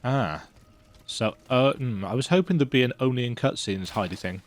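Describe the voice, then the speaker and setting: Relaxed man muttering game commentary. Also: lowish voice, normal speed, dry recording. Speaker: gaming YouTuber. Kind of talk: casual let's-play commentary. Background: faint game music.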